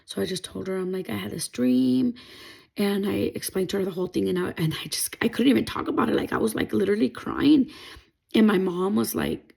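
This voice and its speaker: A woman's voice: medium pitch, brisk, gravelly, a little mellow, slightly rough. A young adult woman telling a personal faith testimony, emotional and rambling with many fillers. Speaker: testimony vlogger.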